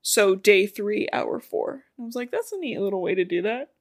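A woman co-hosting a podcast chats casually about a novel's plot, retelling it with the occasional swear word. Her mid-range voice has lively intonation and a normal pace.

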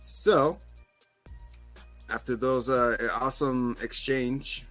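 A man co-hosting a podcast, recapping a show in animated casual chat and acting out scenes. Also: medium pitch, takes it slowly, faint music behind. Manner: animated, acts out scenes in quotes, laughs. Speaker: podcast co-host.

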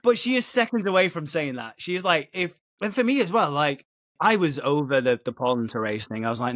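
Man, podcast host, animated, sweary, laughing, higher voice, dry mic. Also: brisk, no room sound. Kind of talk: casual chat recapping a soap episode.

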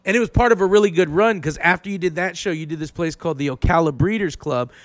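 A man, a stand-up comedian, telling stories in a casual podcast chat, animated, loud and profane. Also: high-pitched, fast talker, dry recording.

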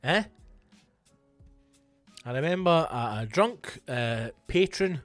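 A man's voice: fairly high pitch, lively intonation, slow pace, fairly bright tone, no room sound, soft background music. A Scottish man hosting his own comedy podcast, answering listener questions in a casual monologue with sweary, mock-grand flourishes and teasing the listeners by name. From Scotland.

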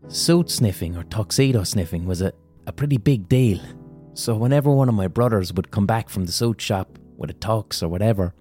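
Man, comic podcast storyteller, low mellow voice, rambling and crude, faint music behind. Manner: rambling, crude, self-amused. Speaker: podcast host.

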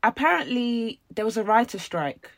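A woman's voice: fairly high pitch, normal speed, no room sound. Chatty woman, dry sound. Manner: chatty, animated storytelling. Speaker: podcast co-host. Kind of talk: casual chat.

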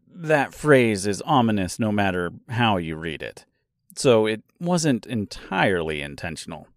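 A man hosts a solo podcast about his own book, talking to listeners in a chatty, pun-loving way. His pitch moves around a lot, and he speaks slowly. The sound is dry and close, with no room echo. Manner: playful, fond of puns and dad jokes; chatty, addresses listeners directly. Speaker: podcast host and author.

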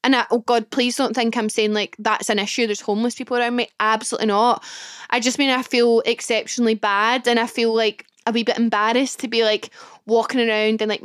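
A woman's voice: a little high, fairly bright tone, clear, resonant tone, no room sound, clean studio sound. A young woman, chatting alone on her podcast in a gushing, emotional way, full of fillers. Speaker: podcast host. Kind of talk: casual solo podcast chat.

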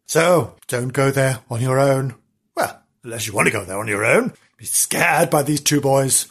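Husky, theatrical male storyteller. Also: medium pitch, normal speed, fairly bright tone. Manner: theatrical and melodramatic, hamming up the gore. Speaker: podcast host and storyteller. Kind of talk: comic ghost-story telling.

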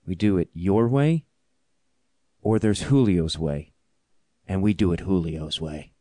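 A man's voice: deep voice, slow, warm tone, no echo. A man quoting a blunt male stage manager who lays down the rules in a matter-of-fact way. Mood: curt.

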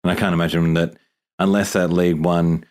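A man co-hosting a call-in podcast in a very deep voice. He talks fast and eagerly, quick to jump in with questions. His speech comes in rapid bursts. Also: level tone, a little mellow. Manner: eager, chatty, quick to react. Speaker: podcast co-host. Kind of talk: casual call-in chat.

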